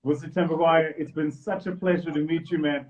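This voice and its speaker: Playful high-voiced South African man. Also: fairly quick. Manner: playful, mock-flattering. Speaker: host of the live chat. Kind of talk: teasing casual live chat. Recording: dull lo-fi live-stream audio.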